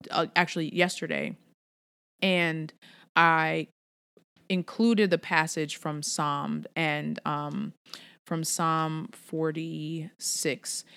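Young woman, low voice, candid devotional speaker; conversational, slangy, sincere. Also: a bit bright, clear, resonant tone. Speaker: Christian speaker addressing her email list. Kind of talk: informal devotional talk.

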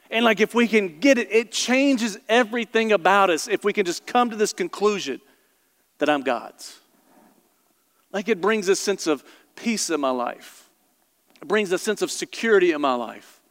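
A man from the American South with a Southern accent, preaching a sermon earnestly and slowing down for emphasis. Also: high voice, in a large hall. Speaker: pastor. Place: church.

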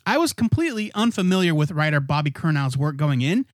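A man's voice: on the high side, big pitch swings, quick pace, dry recording, clean studio sound. A man co-hosting a podcast, chatting casually about comics, rambling and correcting himself as he goes. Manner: rambling, self-correcting, laughs often. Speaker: podcast co-host. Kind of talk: casual comic review chat.

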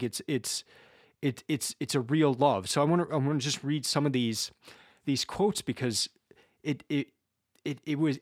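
Halting reflective man, dry close sound. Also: medium pitch, no room sound. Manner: halting, many repeated starts. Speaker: speaker discussing a book series. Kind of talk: casual reflective talk with read-aloud quotes.

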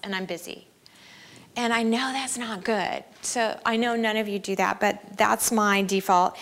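Middle-aged woman, a touch high-pitched, candid motivational speaker for moms, self-deprecating and quick to laugh. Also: fairly bright tone. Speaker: speaker at a family camp. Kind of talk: inspirational talk to mothers.

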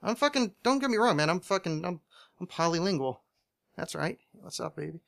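A man's voice: high-pitched, animated, a little fast, vocal fry, fairly bright tone. A young man co-hosting a casual podcast about a TV show, rambling and joking with lots of restarts. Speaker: podcast co-host.

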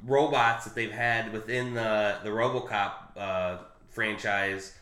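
Man, casual chat, bright voice, halting and rambling, roomy echo. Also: lowish voice, steady tone. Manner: rambling, halting with fillers and restarts. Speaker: co-host discussing a comic.

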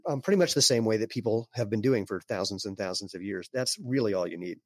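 A man speaking as an interview guest, explaining in a relaxed way with fillers and some throat clearing. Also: on the low side, a little fast, no room sound. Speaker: guest, barefoot sandal maker. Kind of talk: casual conversational interview.

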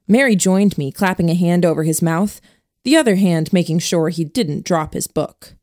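A woman reading a novel aloud as narrator in a steady first-person storytelling voice. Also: lowish voice, moderate pace, no echo, studio quality. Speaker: audiobook narrator. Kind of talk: scripted narration.

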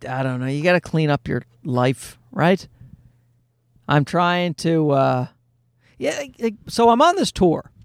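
A man's voice: on the high side, creaky, no room sound, clean studio sound. A middle-aged man, a comedian, telling a rambling, self-deprecating story in casual monologue and swearing freely. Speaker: comedian and podcast host.

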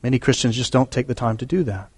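A man's voice: medium pitch, fast, a little mellow, breathy edge. A man preaching a sermon as pastor, earnest and emphatic, repeating key phrases for weight. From United States.

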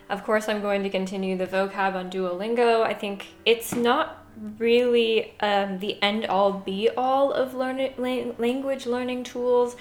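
An American woman hosting a casual language-learning vlog, chatty and laughing often, sometimes reading aloud slowly. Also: medium pitch. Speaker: podcast host. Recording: echoey room.

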